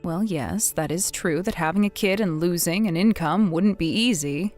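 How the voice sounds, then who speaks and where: A woman playing a blunt, widowed older mother who scolds her grown son in a measured, firm way, in a scripted text-message drama. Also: on the low side, a little mellow, faint music behind, close to an everyday voice. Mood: calm.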